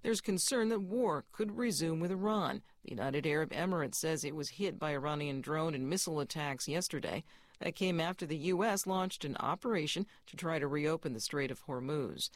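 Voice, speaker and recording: A man reads the hourly news as a newscaster in a measured, even manner. His voice sits slightly high and the studio sound is dry and close. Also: no room sound. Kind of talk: news reading.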